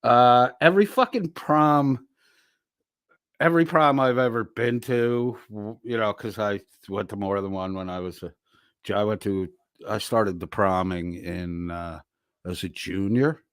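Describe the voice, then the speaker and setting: In a casual livestream, a middle-aged man works through chat messages, replying with unhurried, drawling, profane jokes. His fairly low voice has a fairly bright, clear, resonant tone, recorded clean in a studio without echo.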